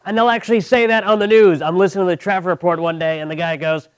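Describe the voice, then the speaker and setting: Young New comic with a smooth voice. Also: male voice, high-pitched, fast. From Long Island, New York. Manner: deadpan, mocking voices of others. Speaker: stand-up comedian. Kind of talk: stand-up comedy set. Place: comedy club.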